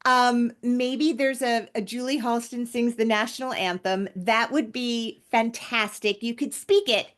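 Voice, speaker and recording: A woman's voice: fairly high pitch, fairly even intonation, measured pace, hardly any pauses, fairly bright tone. A woman hosting a podcast who chats with her guest in an effusive, encouraging way. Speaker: podcast host. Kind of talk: casual podcast chat.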